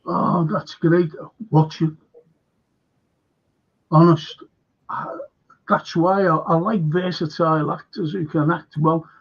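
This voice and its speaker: A man's voice: fairly high pitch, fairly even intonation, slow, long pauses, slightly rough, highs cut off. A man hosting a casual live-stream film chat, rambling and repeating himself as he reads viewer comments.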